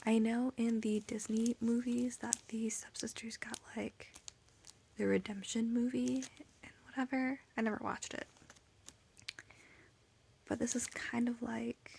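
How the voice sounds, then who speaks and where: Giggly, whispering woman with vocal fry. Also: fairly high pitch, little pitch movement, measured pace, long pauses, dark tone. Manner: giggly, rambling, often whispering. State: tired. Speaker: book vlogger. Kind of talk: late-night casual reading vlog. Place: at home late at night.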